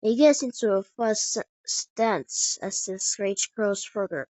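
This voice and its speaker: A woman's voice: medium pitch, slow pace, a little mellow, no echo. A woman improvising a fan story as narrator, stumbling and restarting often. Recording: dull dry lo-fi recording.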